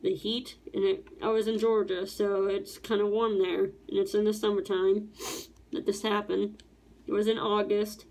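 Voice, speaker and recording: A woman's voice: mid-range voice, darkish tone. Rambling woman telling a personal story. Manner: rambling, repeats words and restarts, acts out quotes. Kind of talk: casual storytelling vlog.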